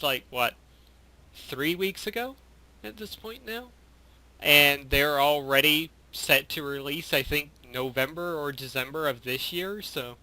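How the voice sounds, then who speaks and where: A man's voice: on the high side, pushed and bright. A man co-hosting a podcast in easygoing casual chat, full of fillers. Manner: easygoing, asks questions, lots of likes and fillers. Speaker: podcast co-host. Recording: dry close sound.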